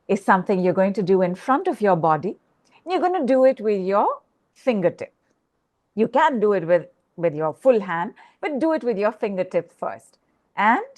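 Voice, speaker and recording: A woman coaching a group call, guiding a slow exercise and repeating affirmations. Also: mid-range voice, darkish tone. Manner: slow, repetitive, instructive.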